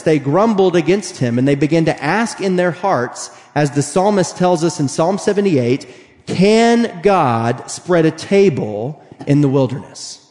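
Man preaching in a reverberant hall. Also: fairly high pitch. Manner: animated, acts out quoted voices with emphatic repetitions. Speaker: pastor. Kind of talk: sermon.

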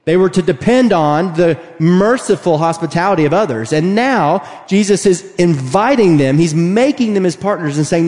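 A man preaching a sermon, animated and emphatic, acting out the voices he quotes. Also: sits high, normal speed, few pauses. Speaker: pastor. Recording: long hall reverb.

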